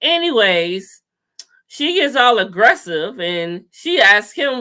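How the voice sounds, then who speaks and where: A young woman giving a casual, sassy TV episode recap, storytelling with sudden loud outbursts. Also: medium pitch, expressive, slow. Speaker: recap host.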